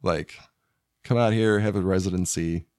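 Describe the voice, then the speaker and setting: A man with a hoarse, deep voice chatting on a podcast in a loose, rambling, joking way, recorded on a studio microphone. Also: steady tone, normal speed, a little mellow, no room sound. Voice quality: deep gravelly voice. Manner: laid-back, rambling, joking. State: hoarse from illness. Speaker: podcast guest, spouse of host. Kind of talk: casual chat.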